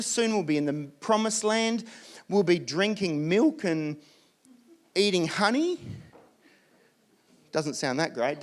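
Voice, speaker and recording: An Australian man delivers a church sermon with a fairly high-pitched voice. He preaches in an animated, storytelling way, slipping into little acted asides. His delivery is lively and engaged throughout. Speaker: pastor.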